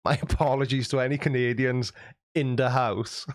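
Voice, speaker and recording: A man hosts a live stream and reads viewer comments in a cheeky, joking way, laughing often. His pitch sits mid-range, and the sound is dry and close, with no room echo. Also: fairly even intonation, moderate pace. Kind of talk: casual chat reading out viewer comments.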